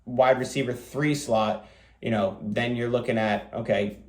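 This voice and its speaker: A man hosting a fantasy football show, talking quickly in a casual, rambling way with lots of fillers. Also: medium pitch, fairly even intonation, darkish tone, roomy sound. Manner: rapid, rambling delivery with many fillers. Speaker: fantasy football podcast host. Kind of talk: casual solo commentary.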